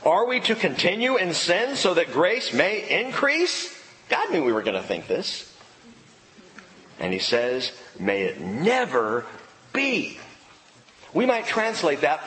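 A man preaching a sermon as a pastor, playful and animated, with sudden emphatic outbursts. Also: high-pitched, measured pace. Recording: reverberant hall with faint ambience.

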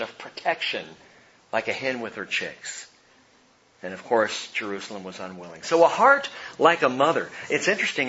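A middle-aged man preaching a sermon, telling stories with swings from hushed to loud. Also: mid-range voice, highs cut off. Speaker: pastor.

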